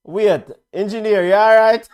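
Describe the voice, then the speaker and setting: A man with a Jamaican accent, hoarse from calling the game, giving chatty live football commentary that bursts into shouts. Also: sits high, unhurried. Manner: excitable, chatty, bursts into shouts at big moments. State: hoarse, voice worn out. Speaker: play-by-play commentator.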